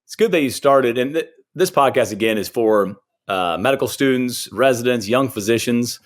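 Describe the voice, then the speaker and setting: A man's voice: mid-range voice, animated, normal speed. Man hosting a podcast, encouraging. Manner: encouraging, sums up the guest's points. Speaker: podcast host. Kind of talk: casual interview.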